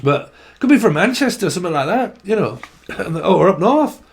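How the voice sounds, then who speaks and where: A man's voice: high-pitched, very animated, moderate pace, gravelly, husky. A man doing a casual tarot reading vlog, joking around and swearing freely. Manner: crude, jokey, swears freely. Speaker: tarot reader.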